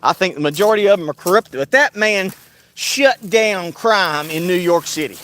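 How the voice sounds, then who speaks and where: A man's voice: high voice, lively intonation, moderate pace, fairly bright tone. A man delivering a casual, heated monologue as an online commentator, sarcastic and keen on repeating a mocking refrain.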